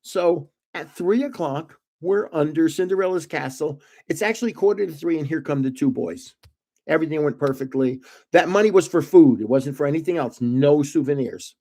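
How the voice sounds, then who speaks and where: A man's voice: fairly high pitch, normal speed, mellow. Older man rambling through family stories. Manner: meandering, chuckles at his own stories. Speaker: host of a trading card livestream. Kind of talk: rambling casual storytelling.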